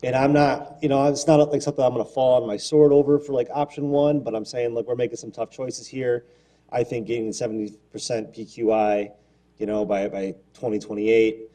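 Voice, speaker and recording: A man's voice: mid-range voice, mellow. A man on a city council giving his view in a meeting, hesitant with many fillers but firm in his stance. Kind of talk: council debate.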